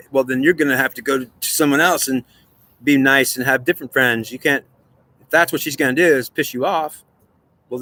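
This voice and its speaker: Here a man argues earnestly and repetitively with himself on camera, switching between two voices in a solo vlog monologue. His voice is mid-range with a sharp edge.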